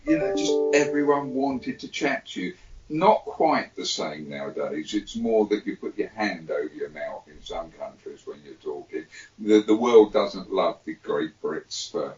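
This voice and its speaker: Deep-voiced London man, laughing raconteur. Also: a little slow, faint music behind. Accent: London English. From England. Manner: chatty, laughs often, playful asides. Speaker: guest. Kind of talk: casual conversation. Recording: distant roomy dull remote audio.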